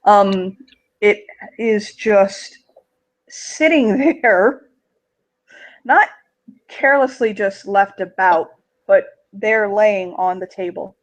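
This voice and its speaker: Halting game master describing a scene. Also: medium pitch, poor audio. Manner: halting, filler-heavy descriptions. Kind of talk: narrating a tabletop game.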